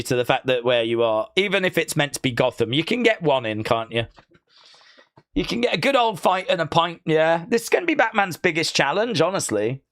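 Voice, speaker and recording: Chatty man hosting a lively stream. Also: fairly high pitch. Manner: chatty, reads out viewer comments, riffs. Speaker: watch-along stream host. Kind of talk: casual live-stream commentary.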